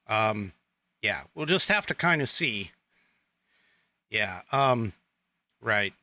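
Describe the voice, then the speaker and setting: A man's voice: lowish voice, very animated, takes it slowly, bright, forceful tone, no room sound. A man hosting a political commentary podcast in a casual, rambling way, full of fillers, restarts and sarcastic asides. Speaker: podcast host.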